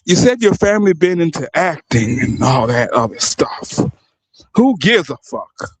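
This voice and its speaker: A man's voice: a little high, big pitch swings, a little slow, husky, poor audio. A young man delivering a heated, profane and mocking rant as a streamer. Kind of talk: heated ranting commentary.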